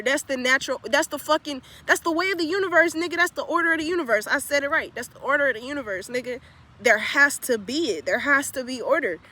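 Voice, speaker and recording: A woman's voice: high-pitched, a bit bright. A young woman telling a confessional story in a blunt, profane, emphatic way that repeats phrases for weight. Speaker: spiritual vlogger.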